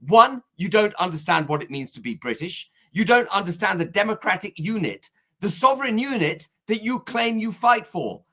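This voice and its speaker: A man's voice: sits high, very animated, normal speed, pushed and bright. A man arguing his case in a heated political discussion, emphatic and insistent, pressing on over interruptions. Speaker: political guest.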